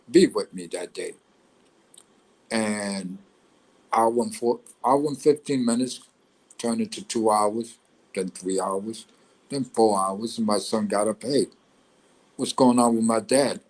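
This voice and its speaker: A middle-aged man as a guest, telling a story in a blunt, animated way with swearing. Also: on the low side, slow pace, long pauses, rough recording. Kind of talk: casual storytelling.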